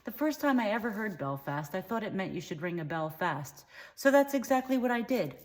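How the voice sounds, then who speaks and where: A woman's voice: medium pitch, big pitch swings, brisk, close to an everyday voice. A woman playing a dim-witted, bigoted comedy character who rambles from tangent to tangent in a satirical monologue. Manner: rambling, mishears words, flits between tangents.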